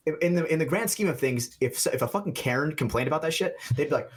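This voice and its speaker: A young man, a game referee, chatting on a podcast as an animated storyteller who swears and laughs a lot. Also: fairly high pitch, fast, hardly any pauses, breathy edge. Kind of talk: casual chat.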